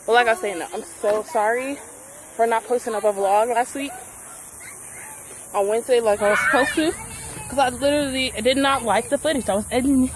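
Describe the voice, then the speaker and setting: A high-voiced woman talks in a slangy, excitable way to her handheld camera as she walks around an outdoor playground. Loud outdoor ambience fills the background. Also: brisk. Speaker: vlogger. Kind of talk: casual vlog chat. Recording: outdoor noise behind.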